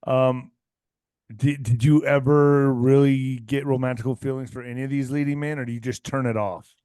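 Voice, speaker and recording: Excitable male interviewer, dry sound. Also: mid-range voice, normal speed, smooth, no room sound. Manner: excitable, stumbling restarts, boyish enthusiasm. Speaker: interview host. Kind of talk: casual interview.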